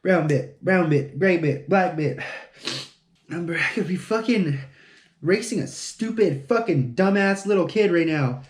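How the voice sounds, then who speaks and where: A man's voice: fairly high pitch, expressive, measured pace. A man vlogging on his own, mumbling to himself and mocking himself, with plenty of swearing. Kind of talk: casual solo vlog talking to camera while building. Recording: echoey room.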